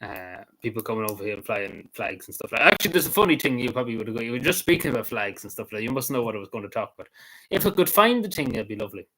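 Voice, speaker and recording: A man hosting a casual livestream, talking in a halting, rambling way with frequent laughs and restarts. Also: medium pitch, big pitch swings, pushed and bright, low-quality recording. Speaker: livestream host.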